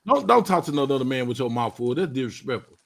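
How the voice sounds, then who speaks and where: A man hosting a live stream chat with a friend, teasing and joking in slang with sudden loud bursts. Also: medium pitch, sing-song, fast talker, creaky. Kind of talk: casual banter on a live stream.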